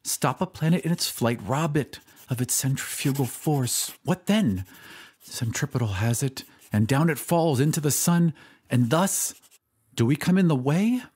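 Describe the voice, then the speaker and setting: A man's voice: medium pitch, lively intonation, a little slow, a little mellow, slightly rough, pitched above the performer's own voice. A man reading an audiobook, voicing an earnest schoolboy thinking a physics question through aloud. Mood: musing.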